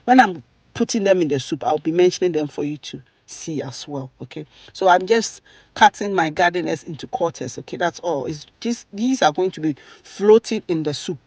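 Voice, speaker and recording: A Ghanaian woman talks viewers through a recipe in a relaxed, chatty way, checking in with a quick "okay?" or "right?" after almost every step. The sound is dry and close, with no room echo. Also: lowish voice. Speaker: cooking vlogger. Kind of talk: chatty cooking tutorial.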